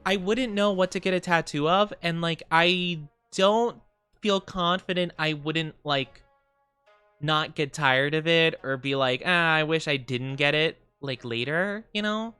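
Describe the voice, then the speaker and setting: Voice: mid-range voice, measured pace, a bit bright, smooth, dry recording, soft background music. A VTuber streamer in a casual, playful livestream chat, greeting viewers and rambling with giggles and fillers.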